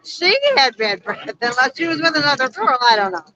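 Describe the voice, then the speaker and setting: A woman's voice: high-pitched, animated, brisk, crowd noise. A woman co-hosting a casual live stream from a busy street, reading viewer comments aloud and chatting. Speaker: vlog co-host reading live chat. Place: busy street outdoors at a motorcycle rally. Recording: dull lo-fi livestream audio.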